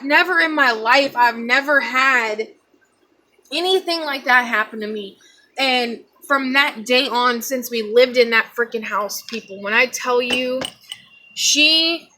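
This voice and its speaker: Bright-voiced young woman telling a story. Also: on the high side, slight background noise. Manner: animated, rambling, acts out quotes. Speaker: vlogger telling a personal story. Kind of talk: casual storytelling to camera.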